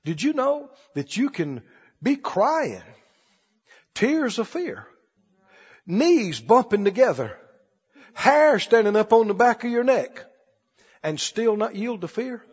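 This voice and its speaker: A man preaching a sermon emphatically, his voice rising to loud declarations and dropping low again. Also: big pitch swings, takes it slowly, long pauses, breathy edge. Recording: dull recording in a large reverberant hall.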